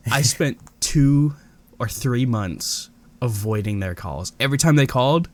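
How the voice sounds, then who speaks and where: A young man chatting casually as a podcast co-host, his pitch swinging widely as he tells a story. He laughs often and slips into the voices of the people he quotes, in an easy, rambling way. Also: expressive, unhurried, dry recording. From Indiana. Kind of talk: casual chat.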